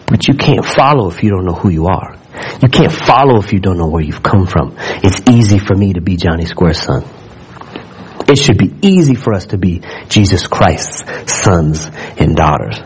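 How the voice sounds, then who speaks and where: A man's voice: low voice, lively intonation, moderate pace, darkish tone, low-quality recording. A man preaching a sermon in a church, reading scripture aloud and building in fervor as he speaks to the congregation. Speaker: pastor.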